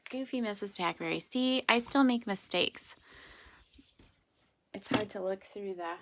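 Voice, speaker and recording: A woman teaching a phonics lesson to young children, slow and sing-song, drawing out each word to encourage them. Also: mid-range voice, noisy background. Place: classroom or home with whiteboard.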